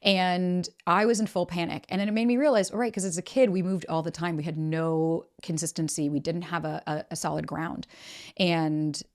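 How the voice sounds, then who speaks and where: A woman's voice: on the low side, fairly even intonation, normal speed. A woman in her thirties hosting a podcast, giving candid relationship advice in a blunt, emphatic way with casual swearing. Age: 30s. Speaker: podcast host.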